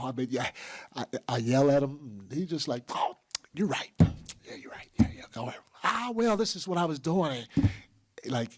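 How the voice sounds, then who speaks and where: Male coach, press conference, dry close mic, earnest and halting. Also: mid-range voice, dry recording. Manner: halting, with frequent restarts and fillers. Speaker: basketball head coach.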